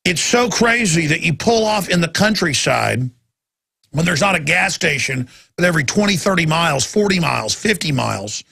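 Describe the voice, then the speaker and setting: A man hosting a talk radio show, ranting intensely in a rambling monologue that climbs to loud, excited peaks. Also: on the high side, normal speed, vocal fry, slightly rough.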